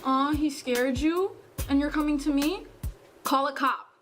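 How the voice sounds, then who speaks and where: A woman's voice: high-pitched, unhurried. Woman voicing a curt, dismissive store manager. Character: dismissive female store manager, strict on policy. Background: music.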